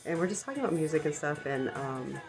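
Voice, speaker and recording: Low, gravelly woman rambling through a story. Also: lively intonation, fast. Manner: rambling, full of ums and likes; self-deprecating, embarrassed about the story. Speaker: vlogger. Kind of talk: casual storytelling. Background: background music.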